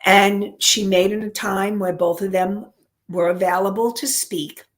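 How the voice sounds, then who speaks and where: A woman's voice: mid-range voice, fairly even intonation. A woman counselor and life coach teaching an online class, repeating and restarting phrases as she works through an example. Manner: unhurried, repeats and restarts phrases while explaining.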